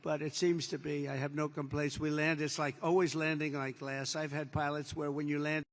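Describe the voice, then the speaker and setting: A man's voice: on the high side, level tone, normal speed. An older man from the United States gives a rambling, off-the-cuff speech to troops, telling a story with many superlatives. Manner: meandering storytelling, repeats superlatives, acts out dialogue. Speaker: president addressing troops. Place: large air base venue. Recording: long reverb of a large hall.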